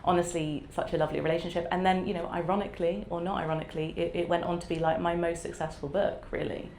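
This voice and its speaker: Woman author, low voice, candid and reflective, faint background hum. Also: little pitch movement, quick pace. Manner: warm, reflective, laughs often, lots of fillers. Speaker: author guest. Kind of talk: candid conversational interview.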